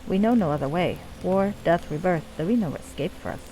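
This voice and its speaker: A woman voicing a gruff male dwarf clan leader, weary of endless war, in a put-on Scottish accent. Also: lowish voice, animated, fairly quick, dark tone, slight background noise, lightly acted, rough recording. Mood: somber. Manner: gruff, archaic folksy dwarf speech. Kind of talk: reading game dialogue aloud.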